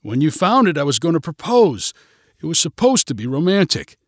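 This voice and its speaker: A man's voice: a little high, sing-song, a little fast, dry recording, studio quality. A man voicing an earnest, frustrated young boyfriend in a read-aloud story. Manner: earnest, exasperated.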